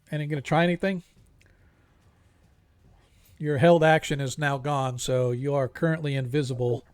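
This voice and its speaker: Over an online voice call, a man with a voice on the high side serves as game master for a tabletop role-playing game. He's easygoing and rambling, filling his speech with frequent fillers.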